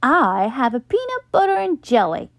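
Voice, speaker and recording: A woman's voice: high voice, huge pitch swings, moderate pace, creaky, no room sound, clean studio sound, pitched above the performer's own voice, exaggerated voice. A woman voicing a blunt young schoolboy with a dismissive way of talking. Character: blunt schoolboy who wants no odd food.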